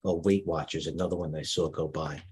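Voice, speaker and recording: A man's voice: very deep voice, steady tone, a little fast, a little mellow, husky, rough recording. A middle-aged man hosting a live stock market stream, commenting off the cuff with rambling asides and restarts.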